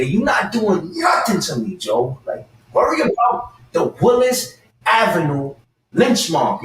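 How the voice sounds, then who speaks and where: A man of around forty, a guest telling stories and delivering an animated, heated callout rant that breaks into shouting. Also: high voice. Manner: animated, fired-up, repeats his target's name, bursts into shouting. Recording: echoey room, mic set at a distance, faint background hiss.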